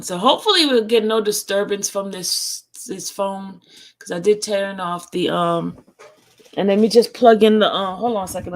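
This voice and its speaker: A woman's voice: mid-range voice, creaky. A woman hosting a live stream, chatting casually and greeting her viewers with chatty, sing-song greetings.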